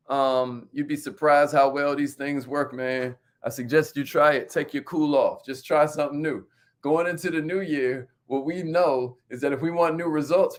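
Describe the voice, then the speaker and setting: A man hosting a live stream on sales and entrepreneurship, energetic, repeating phrases and calling on viewers by name. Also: mid-range voice.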